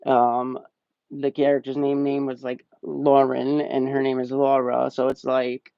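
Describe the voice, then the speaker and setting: A man's voice: mid-range voice, monotone, a little slow, creaky, smooth, no echo. A young man casually reviewing a movie on a live stream, rambling and swearing, often laughing. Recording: slightly muffled dry stream audio.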